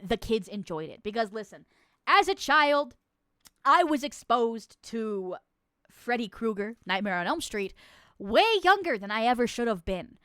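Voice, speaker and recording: A woman's voice: a little high, fairly bright tone, clear, resonant tone, no room sound, studio quality. A woman streamer playing a nun who hears chat's confessions, swinging between mock-solemn verdicts and profane, laughing banter. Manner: laughs often.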